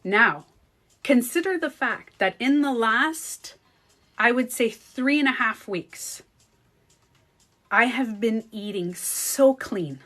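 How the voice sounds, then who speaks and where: A woman's voice: a little high, expressive, takes it slowly, fairly bright tone. A woman with a French Canadian accent, a native French speaker, telling a story in a casual vlog. She chats with her viewers and laughs often. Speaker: beauty coach vlogger.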